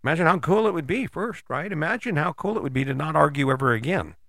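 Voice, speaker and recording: Bright-voiced man giving motivational talk. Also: on the high side, quick pace, creaky, dry recording, clean studio sound. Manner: direct, coaching, addresses listener; animated, acts out imagined dialogue. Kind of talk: motivational monologue.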